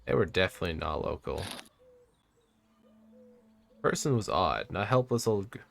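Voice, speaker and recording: A man's voice: deep voice, sing-song, vocal fry, a little hiss or hum. A man streaming himself as he reads a narrative game aloud, stumbling now and then and breaking off to comment. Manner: halting reading with stumbles and asides.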